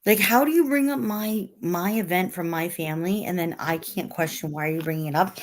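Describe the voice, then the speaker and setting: A woman's voice: fairly low pitch, brisk, rough recording. A woman co-hosting a casual livestream chat, venting heatedly and repeating herself for emphasis. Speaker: livestream co-host.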